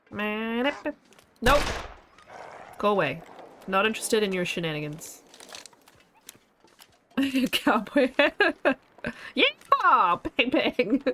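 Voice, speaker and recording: A woman's voice: mid-range voice, expressive, takes it slowly, long pauses, fairly bright tone. A woman, chatting casually and laughing often while streaming a game. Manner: chatty, laughs often, wanders between asides. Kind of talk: casual gameplay commentary.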